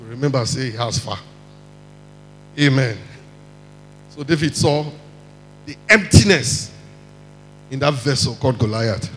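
A man with a Nigerian accent preaching a lively sermon, acting out quotes and mixing in pidgin. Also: medium pitch, a little slow, long pauses, in a large hall, slight background noise, low-quality recording. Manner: animated, mixes in pidgin, acts out quotes.

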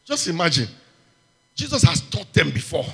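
A man preaching a sermon, reading scripture and calling out amens and hallelujahs with animated emphasis. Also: a little high, normal speed, breathy edge. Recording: long hall reverb.

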